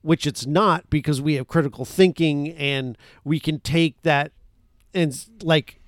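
A man's voice: a little high, fairly even intonation, measured pace, no echo, studio quality. A man co-hosting a casual film podcast, talking in an enthusiastic, rambling way with many fillers. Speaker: podcast co-host.

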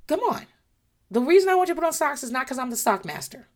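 Blunt, swearing mom with a tired voice. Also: female voice, high voice, very animated, quick pace. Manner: blunt, frank, swears freely. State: voice wearing out. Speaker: parent giving advice. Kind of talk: casual chat.

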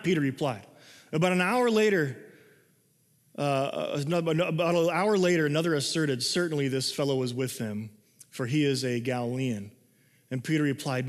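A man preaching a sermon in a conversational way, reading scripture and explaining it, moving between excited and hushed delivery. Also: fairly high pitch, moderate pace. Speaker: pastor. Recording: long hall reverb.

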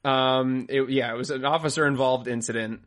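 A man's voice: medium pitch, steady tone, fairly quick, a bit bright. A man in a casual recap chat, joking loosely and riffing on the story, swearing freely. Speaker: podcast co-host.

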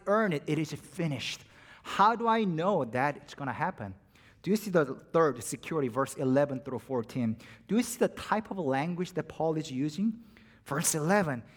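Preacher swinging from hush to fervor. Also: male voice, on the high side. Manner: dynamic, drops to near-whispers and rises to emphatic peaks. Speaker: pastor. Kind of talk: sermon.

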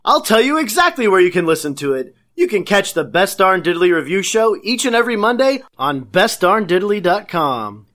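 A man voicing a smug, fast-talking male huckster with salesman patter in a cartoon promo. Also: high voice, very animated, fairly bright tone.

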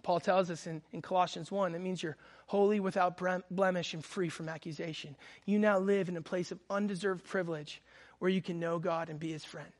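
A man's voice: sits high, steady tone, brisk. A man in his thirties preaching a sermon, telling a personal story with fervent, earnest delivery. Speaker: pastor.

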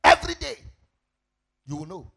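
A Ghanaian man preaching a sermon as pastor, asking the congregation questions and rising into shouted, sing-song swells. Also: very high voice, big pitch swings, moderate pace, creaky, husky.

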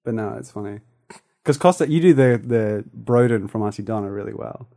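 A man co-hosting a podcast in casual chat, animated and jumping into silly voices. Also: lowish voice, fairly quick, gravelly. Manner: animated, breaks into silly character voices and laughs. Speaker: podcast co-host.

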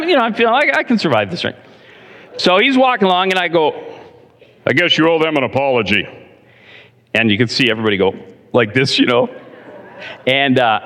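A male pastor preaching a sermon to his congregation, telling stories in an animated, direct way. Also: mid-range voice. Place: church. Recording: long reverb in a large hall.

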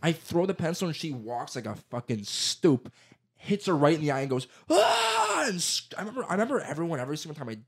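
A young man with a fairly high, husky voice talks fast in casual chat, telling childhood stories. He swears a lot and brings the tales to life with animated put-on voices.

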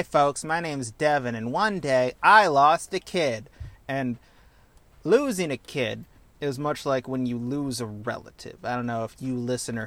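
A man co-hosting a podcast in casual chat, animated and profane, slipping into goofy character bits. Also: mid-range voice, dry recording. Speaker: podcast co-host.

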